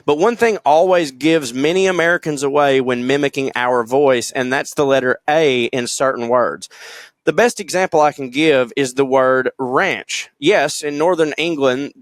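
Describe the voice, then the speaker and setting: A man reads listener emails aloud on a podcast. He is loose and jokey, laughs along, and drops curse words. His voice sits at an ordinary middle pitch, recorded close and dry. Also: normal speed, dry recording. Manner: loose and jokey, swears freely, laughs while reading. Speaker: podcast co-host.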